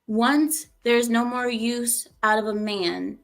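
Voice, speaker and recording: Heated woman host ranting in reaction commentary, pitched a bit high. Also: slow, fairly bright tone, faint music behind. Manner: heated, emphatic, repeats herself.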